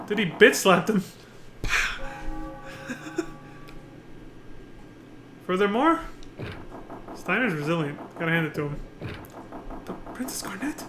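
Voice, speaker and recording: With game music in the background, a streamer jokes through a live playthrough, slipping into character voices and giggly asides. The voice is mid-range and sharp, the room reverberant, and there's a bit of hiss or hum.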